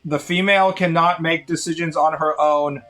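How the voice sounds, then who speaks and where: A man's voice: on the high side, fairly even intonation, moderate pace, pushed and bright, faint music behind. A man chatting casually on a live stream in a sardonic, rambling way.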